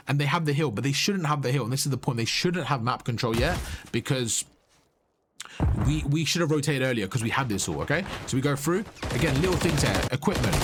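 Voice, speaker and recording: A man with a medium-pitched voice coaches a player over their gameplay footage against a noisy background. He explains positions instructively, repeats his key points and keeps asking "you see?".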